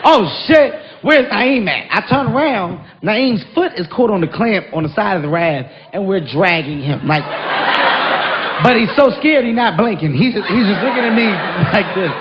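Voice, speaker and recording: A man doing stand-up comedy, telling a story with an animated, punchy delivery and shouted punchlines. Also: sits high, normal speed, crowd noise. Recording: dull, noisy live stage recording.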